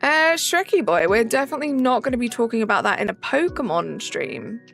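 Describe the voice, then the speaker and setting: A woman's voice: on the high side, big pitch swings, a little fast, creaky, a bit bright, soft background music. A young woman streaming a game, chatting casually and answering chat messages aloud.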